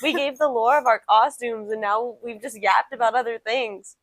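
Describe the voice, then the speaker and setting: A woman's voice: fairly high pitch, fairly even intonation, moderate pace, no echo. A young adult woman co-hosting a podcast, chatting casually and telling a family story, slangy and full of fillers. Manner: slangy, filler-heavy, laughs easily. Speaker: podcast co-host.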